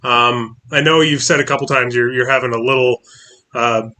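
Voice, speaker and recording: A man's voice: mid-range voice, fairly even intonation, normal speed, bright, forceful tone. A man hosting a casual interview, talking in a laid-back way with lots of filler words. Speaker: host.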